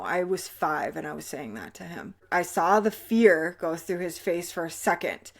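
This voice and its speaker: A woman hosting her own show and telling her personal story in a candid, slow, halting way that often drops quiet. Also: lowish voice. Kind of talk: personal testimony.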